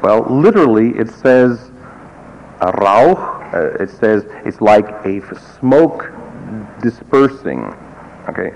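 A man with a fairly low voice gives a classroom lecture, explaining patiently and drifting into wry asides. The recording is dull and lo-fi, with a faint hiss in the background. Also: sing-song, takes it slowly, vocal fry, a little mellow. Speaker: music teacher.

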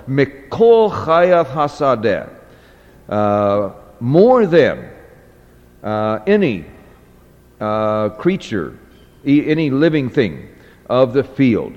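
A man teaching a class, reading a text aloud and explaining it slowly, with many fillers and restarts. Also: fairly low pitch, darkish tone. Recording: dull audio with long hall reverb.

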